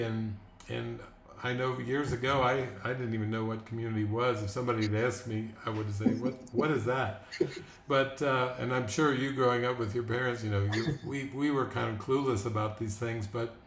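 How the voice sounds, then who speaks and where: A man hosting a spiritual talk, speaking in a calm, reflective way. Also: medium pitch, moderate pace. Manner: calm, reflective, frequent agreeing. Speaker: host. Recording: roomy with faint noise.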